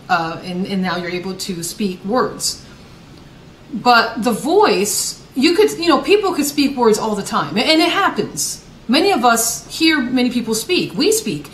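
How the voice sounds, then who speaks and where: A woman's voice: medium pitch, recorded from a distance, slight background noise. A woman evangelist preaching a sermon broadcast, emphatic, often restarting her phrases as she works toward a point. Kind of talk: sermon broadcast with scripture reading. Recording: roomy echo.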